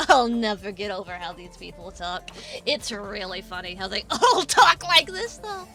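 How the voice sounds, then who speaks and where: Woman streamer, sharp bright tone, casual reaction commentary, swears freely. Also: medium pitch, very animated, unhurried, soft background music. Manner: incredulous, swearing, laughs often.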